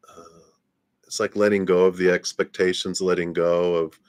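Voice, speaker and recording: Deep-voiced man giving a relaxed tarot reading. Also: moderate pace, no room sound, clean studio sound. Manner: laid-back, laughs often, trails off and restarts. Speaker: tarot reader. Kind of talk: live-stream tarot reading.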